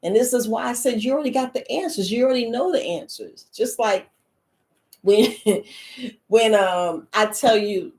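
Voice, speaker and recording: Woman, life coach, casual chat, animated, high squeals on quotes, echoey room. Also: moderate pace. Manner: animated, jumps to high squeals for mock quotes, laughs often. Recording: roomy echo.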